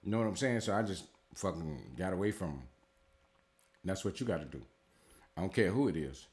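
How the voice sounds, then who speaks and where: A man's voice: sits low, lively intonation, fairly quick, darkish tone. A man in a casual spiritual advice talk as a tarot reader, blunt and heavily profane, rambling and repeating himself with lots of fillers.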